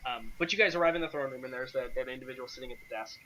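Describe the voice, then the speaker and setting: A man narrating a tabletop game as game master in a relaxed way, with frequent ums and uhs. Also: mid-range voice, racing, low-quality recording. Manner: relaxed, many fillers.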